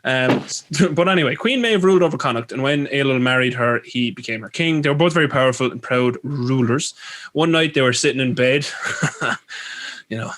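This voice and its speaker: A man's voice: mid-range voice, a little fast, fairly bright tone, a little hiss or hum. A man with an Irish accent hosting a podcast, retelling folklore with rambling, crude jokey asides. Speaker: podcast host. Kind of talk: comedic storytelling chat.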